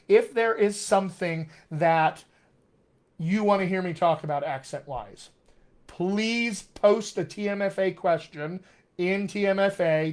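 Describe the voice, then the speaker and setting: A man hosting a live question-and-answer stream as a dialect coach, upbeat and encouraging as he answers viewers one by one. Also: high voice. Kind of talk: casual live-stream chat.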